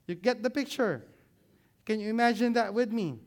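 A man preaching a sermon, engaging the listeners with many questions and growing more animated as he explains. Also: high-pitched, moderate pace. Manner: grows louder and more animated when explaining.

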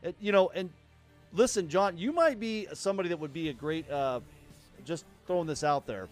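Guy with a pretty high voice hosting a podcast, chatty, rambly, faint music behind. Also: expressive, moderate pace. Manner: rambling, chatty, restarts sentences. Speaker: podcast host. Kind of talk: casual livestream chat.

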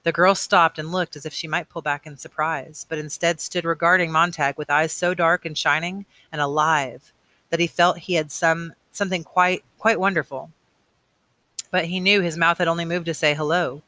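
A man reading a novel aloud, unhurried, with casual asides and small slips. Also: a little high, steady tone, bright, forceful tone, no room sound. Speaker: reader.

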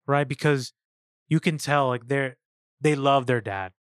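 A man co-hosting a casual film review podcast, excited and profane, acting out lines from scenes. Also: mid-range voice, unhurried, clean tone, no room sound, clean studio sound. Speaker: podcast co-host.

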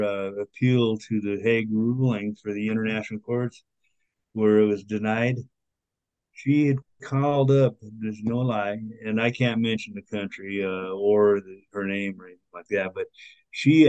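A man's voice: lowish voice, a little mellow, smooth, dry recording, muffled recording. A man guesting on a podcast, speaking earnestly and with some indignation, with many fillers in his speech. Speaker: podcast guest, author and activist. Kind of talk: conversational interview.

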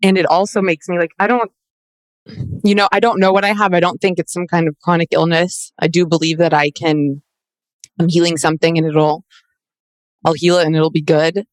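A woman's voice: lowish voice, flat delivery, normal speed, no room sound. Emotional woman talking candidly, dry sound. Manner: emotional, rambling, frequent restarts. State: near tears. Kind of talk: candid personal chat.

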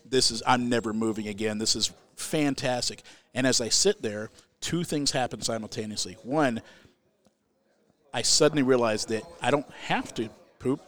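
An older man telling a long comic story in casual chat, animated, restarting his sentences and getting loud at the punchlines. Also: mid-range voice, normal speed.

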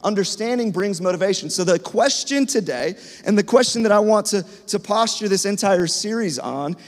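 A man's voice: high voice, animated, normal speed. A man in his thirties preaching a sermon to his congregation in a conversational, storytelling way. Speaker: pastor. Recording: long reverb of a large hall.

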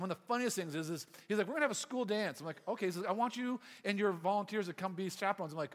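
Male youth pastor with a high voice, preaching a lively story sermon in a hall with long reverb. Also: very fast, few pauses. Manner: animated, acts out quoted voices.

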